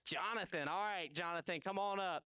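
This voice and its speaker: A man's voice: high-pitched, moderate pace, bright, forceful tone, clear, resonant tone, no echo. A man with a Southern US accent hosting a live golf competition, giving chatty play-by-play and chatting with contestants. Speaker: event host. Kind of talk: live event commentary. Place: outdoor golf event.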